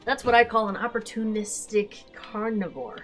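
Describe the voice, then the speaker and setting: A woman's voice: on the high side, normal speed. Giggly woman chatting over game music. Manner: giggly, playful, reads game lines in silly voices. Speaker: co-host of a gameplay video. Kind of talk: casual chat over gameplay.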